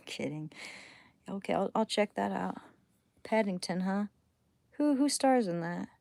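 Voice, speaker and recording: Slow, gravelly-voiced woman streaming late at night. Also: medium pitch, lively intonation, dry recording. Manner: rambling, drifting between thoughts while reading chat; often drops to a hushed near-whisper. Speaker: livestreamer. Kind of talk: casual late-night livestream chat.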